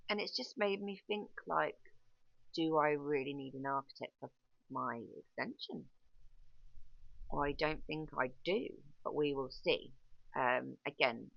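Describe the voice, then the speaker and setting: Gravelly frank woman, chatty. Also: a bass voice, unhurried, no room sound. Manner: chatty, frank, self-correcting with frequent ums. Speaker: site manager and pub owner. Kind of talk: candid casual monologue. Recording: dull lo-fi, dry sound.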